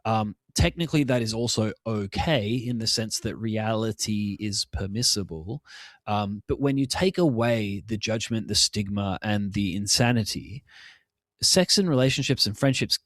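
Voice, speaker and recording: A man's voice: fairly low pitch, normal speed, fairly bright tone, dry recording, clean studio sound. Frank man telling stories on a podcast. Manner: frank, storytelling, acts out voices. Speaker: podcast co-host. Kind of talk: casual chat.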